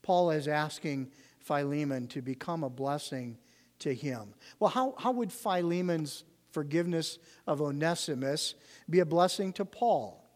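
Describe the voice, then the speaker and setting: A man's voice: fairly high pitch, lively intonation, measured pace, a little mellow. A man teaching a Bible study, reading scripture and explaining it in an earnest, explanatory way with emphasis on key words. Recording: long hall reverb.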